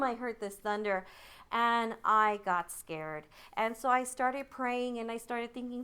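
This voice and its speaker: A woman telling a childhood story in a vivid, dramatic way, making thunder sounds with her voice and dropping to a hushed tone in the tense parts. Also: on the high side, unhurried, clear, resonant tone. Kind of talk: personal storytelling.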